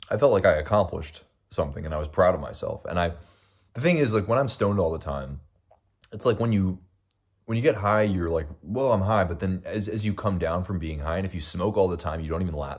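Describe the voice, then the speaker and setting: Speaking briskly and expressively in a low voice, this young man from the United States runs a laid-back livestream over breakfast. He works through viewer comments one by one, musing aloud in a meandering way packed with filler words.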